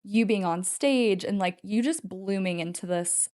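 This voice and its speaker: A woman's voice: mid-range voice, a little slow, a little mellow, no room sound, studio quality. A woman appearing as a guest on a podcast and chatting casually, eager and upbeat. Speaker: podcast guest, executive assistant.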